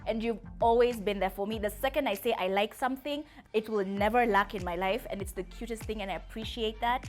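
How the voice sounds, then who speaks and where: A woman's voice: mid-range voice, brisk, soft background music. A young woman, fondly addressing her father in a chatty, giggly, emotional way. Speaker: vlogger. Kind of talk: heartfelt personal address.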